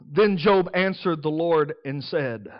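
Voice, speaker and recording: A man preaching a sermon in an emphatic way, swinging between soft and loud. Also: fairly high pitch, takes it slowly, no room sound, muffled recording.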